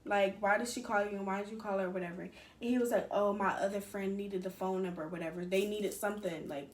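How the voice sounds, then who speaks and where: A young woman telling a rambling, animated storytime with slang and cursing. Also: medium pitch, quick pace. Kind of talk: casual storytime. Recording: echoey room.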